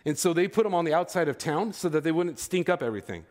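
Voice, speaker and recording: A man's voice: on the high side, lively intonation, fast talker, a little mellow. A man in his thirties preaching a sermon as pastor, in a casual, conversational way that keeps checking in with his listeners. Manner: conversational, checks in with "okay?" and "right?".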